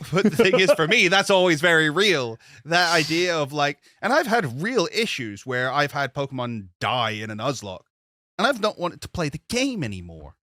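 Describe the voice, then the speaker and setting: A man co-hosting a podcast, arguing his point in a casual debate with animated emphasis. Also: normal speed, no echo, studio quality. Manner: animated, emphatic, argues with rising pitch. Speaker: podcast co-host.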